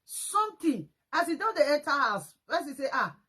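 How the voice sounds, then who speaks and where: A woman with a Nigerian accent ranting in a commentary vlog, scolding and mocking, with sudden loud high outbursts. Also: very animated, normal speed, poor audio. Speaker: social media commentator.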